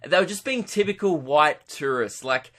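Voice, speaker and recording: Speaking at a moderate pace with lively intonation, a man with an Australian accent rants sarcastically through a funny story on his podcast, cursing frequently. His voice is a little high with a fairly bright tone.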